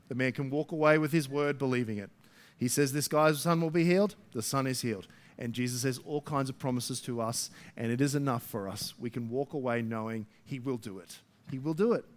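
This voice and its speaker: A man preaching a sermon to his church, emphatic, swinging between loud rising stresses and soft low asides. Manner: emphatic, rising to near shouts then dropping soft. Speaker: pastor.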